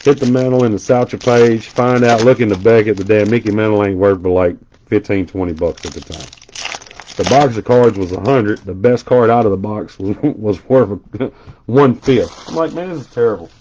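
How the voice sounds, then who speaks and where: A man's voice: on the low side, moderate pace, dark tone, lo-fi sound, slight background noise. Chatty man calling out cards. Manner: chatty storyteller rattling off card names. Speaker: card break host. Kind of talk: casual live stream chat.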